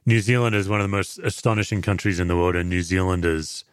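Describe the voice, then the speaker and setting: An Australian man, a pastor and former chaplain, giving earnest, measured answers in an interview. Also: low voice, steady tone, smooth, no room sound, studio quality.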